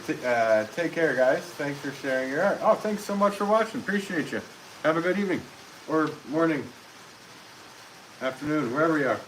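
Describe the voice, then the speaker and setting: A man chatting casually on a live stream from his pottery studio, reading viewer comments aloud and answering with easy laughs. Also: fairly high pitch. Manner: easygoing, reads viewer comments aloud and chats back with soft laughs. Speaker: potter live-streaming while throwing pots. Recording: noisy live-stream audio with clear background hiss.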